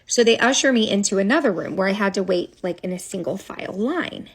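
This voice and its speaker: A woman's voice: mid-range voice, a little fast, breathy edge. Woman telling a dramatic story. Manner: animated, dramatic storytelling with asides. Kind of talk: casual storytime.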